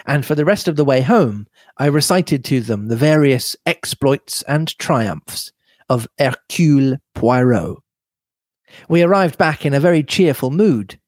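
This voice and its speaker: A man reading a classic mystery novel aloud with measured, expressive narration. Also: medium pitch, dry recording. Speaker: reader.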